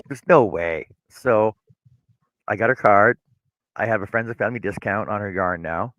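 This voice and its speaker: Low-voiced man telling a rambling story. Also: normal speed, fairly bright tone, no room sound, rough recording. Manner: rambling storyteller, many restarts. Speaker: co-host. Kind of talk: casual chat.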